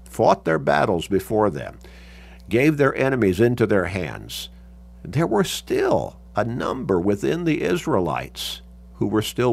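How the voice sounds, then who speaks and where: A man's voice: on the low side, gravelly, breathy edge. A man teaching a Sunday Bible class, reading scripture aloud and explaining it with emphasis.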